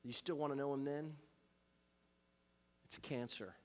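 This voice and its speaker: A man preaching a sermon as a pastor, swinging from loud, urgent calls to quiet, intimate passages and repeating phrases for emphasis. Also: medium pitch, steady tone, measured pace. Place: church sanctuary. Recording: live church recording with long hall reverb.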